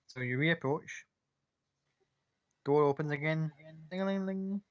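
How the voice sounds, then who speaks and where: A man's voice: mid-range voice, level tone, a little fast. A man narrating a tabletop game as game master, in a casual way full of fillers and swearing. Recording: dull lo-fi sound.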